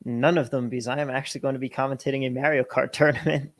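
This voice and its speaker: A man from New Jersey with a New Jersey accent, co-hosting a casual livestream and telling stories in a joking, animated way. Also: mid-range voice, fast talker. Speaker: co-host.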